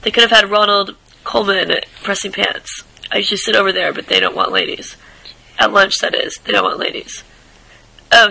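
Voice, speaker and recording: A man reading a short story aloud in a casual, unpolished way, tripping over words and restarting, with quiet asides. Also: sits high, creaky, a little hiss or hum, poor audio. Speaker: reader.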